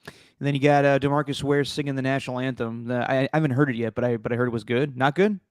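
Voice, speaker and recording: A man's voice: medium pitch, fairly even intonation, fast talker, smooth, no room sound. Guy co-hosting a sports pod, rambly, lots of you-knows, dry close mic. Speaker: podcast co-host. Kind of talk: casual sports chat.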